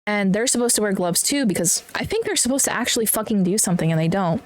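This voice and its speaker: A woman's voice: medium pitch, quick pace. Young female podcast host, casual storyteller, blunt and profane, mid-range voice. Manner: blunt, swears freely, animated retelling with quoted voices.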